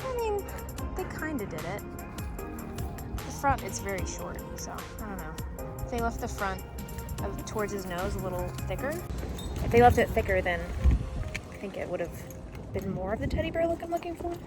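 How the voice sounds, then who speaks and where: A young woman vlogging casually about her day, rambling and candid, then gushing in high baby talk to her dog. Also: expressive, normal speed, pauses often, over loud music. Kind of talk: casual vlog chat.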